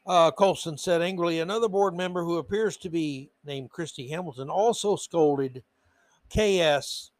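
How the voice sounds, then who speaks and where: A man's voice: fairly high pitch, moderate pace, no room sound. A man hosting a podcast, delivering an indignant political commentary monologue full of emphatic repetition. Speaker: podcast host.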